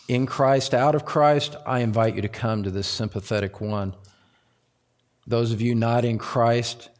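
A man preaching to his congregation at an unhurried, deliberate pace. He poses questions and answers them slowly and earnestly, at times rising to loud, high emphasis. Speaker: pastor. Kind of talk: sermon.

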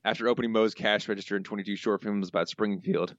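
Low-voiced man reading listener quotes. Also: fairly even intonation, quick pace, muffled recording. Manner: reads listener quotes with bursts of put-on character voice. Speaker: podcast co-host. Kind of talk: casual podcast chat, reading listener answers.

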